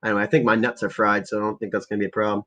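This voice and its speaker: A man's voice: on the low side, little pitch movement, very fast, a bit bright. A man ranting crudely and rambling on a casual livestream while stoned, as he sets up prank calls. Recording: lo-fi muffled recording.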